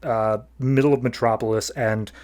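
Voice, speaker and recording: A man co-hosting a podcast, loosely recapping a comic issue in a chatty, filler-heavy way with quick paraphrased character asides. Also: medium pitch, steady tone, a little mellow. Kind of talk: casual comic-book recap.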